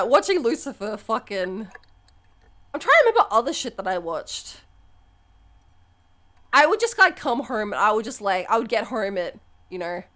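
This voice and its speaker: A young adult woman streaming live, chatting openly and swearing freely. Her pitch swings widely, and she often breaks into loud, high laughter between thoughts. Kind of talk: casual live-stream chat.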